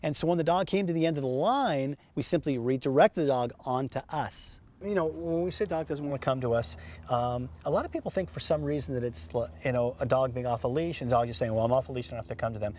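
A man's voice: medium pitch, fast, darkish tone, a little hiss or hum. A man hosting a dog training show, explaining methods in an upbeat, chatty way with many fillers and restarts. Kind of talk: instructional TV show.

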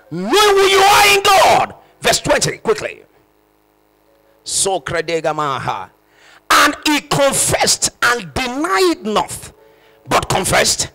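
Raspy, high-voiced preaching pastor. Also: male voice. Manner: impassioned preaching, often shouting and repeating phrases for emphasis. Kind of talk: sermon.

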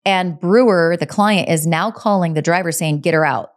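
Woman, podcast host, slightly low voice, casual storytelling, conversational. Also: normal speed. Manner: conversational, hedges with personal takes. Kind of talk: casual true crime storytelling.

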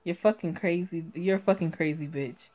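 A woman reading a story game aloud and reacting to it in a sassy, profane way that is quick to laugh. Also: fairly low pitch, steady tone, a little mellow.

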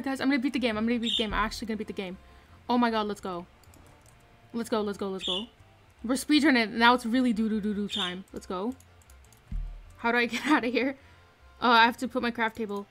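Excitable woman streaming a game. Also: on the high side, fast talker, pauses often, over music. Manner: excitable, repeats herself, hyped exclamations. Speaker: gaming streamer. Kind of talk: live gameplay commentary. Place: her room at home.

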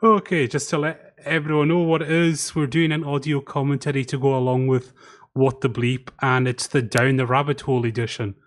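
A man hosting a loose, chatty commentary podcast over an online call. He keeps the talk moving and checks in with his co-hosts. His pitch sits in a middle range for a man. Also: little pitch movement, a little fast. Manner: chatty, organizes the talk and guides the others. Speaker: podcast host. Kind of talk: casual group commentary.

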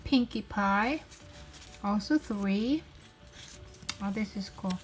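A woman's voice: mid-range voice, slow, faint music behind, rough recording. A young woman hosting a casual toy unboxing video, chatty and giggly with cheerful exclamations. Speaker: toy unboxing channel host. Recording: packaging crinkles and clicks throughout. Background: crinkling packaging.

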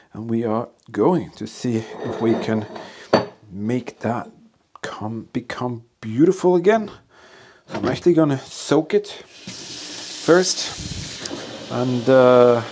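Middle-aged guy vlogging, hyped up and chatty, talking to himself out in the cold, bit of noise behind him. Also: mid-range voice. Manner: excited, talks to himself and the viewers. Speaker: history hunting vlogger. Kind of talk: casual vlog commentary. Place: outdoors in freezing cold by an ice hole, then a workshop.

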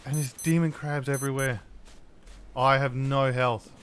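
A male gaming host talks through a survival game in casual commentary, easily startled and full of sudden exclamations. His voice sits at an ordinary middle pitch. A faint hum of noise runs underneath. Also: flat delivery, measured pace, a bit bright. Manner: jumpy, exclaims often at scares. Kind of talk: casual let's-play commentary.

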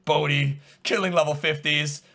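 A man giving live gameplay commentary, excitable, going from low muttering to loud shouts. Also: normal speed, vocal fry. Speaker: gamer.

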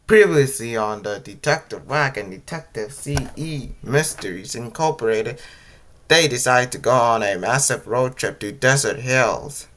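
A man reading out a homemade story, halting and stumbling over his words. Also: mid-range voice, a bit bright.

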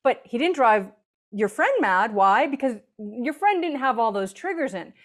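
A woman speaks as a guest on an interview podcast, explaining her ideas earnestly in a conversational way. Her voice sits a little high, and she sometimes slips into lively quoted voices. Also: normal speed.

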